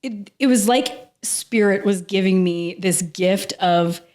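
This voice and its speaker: An unhurried woman with a slightly mellow, mid-range voice tells a personal story as a podcast guest. It's casual interview storytelling, delivered with earnest emotion and a constant stream of "like."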